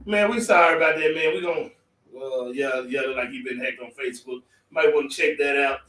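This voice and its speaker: A man hosting a casual online chat, loose and halting. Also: mid-range voice, fairly bright tone, far from the mic. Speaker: host. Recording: echoey, off-mic.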